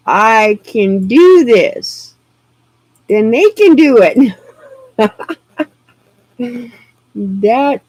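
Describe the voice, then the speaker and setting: A woman streaming live, chatting casually in an excitable, rambling way and laughing easily. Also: on the high side, slightly rough, no echo, rough recording.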